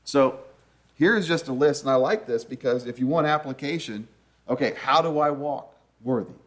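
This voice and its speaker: A man's voice: mid-range voice, normal speed, fairly bright tone. A man preaching a sermon in an earnest, conversational teaching manner, often asking his listeners rhetorical questions.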